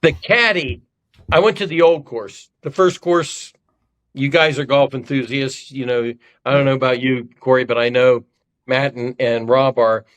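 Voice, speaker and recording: A man's voice: mid-range voice, steady tone, a little slow, fairly bright tone. An older man from Ohio, a podcast guest telling self-deprecating, rambling stories in casual conversation. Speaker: podcast guest, former congressman. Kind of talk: conversational storytelling.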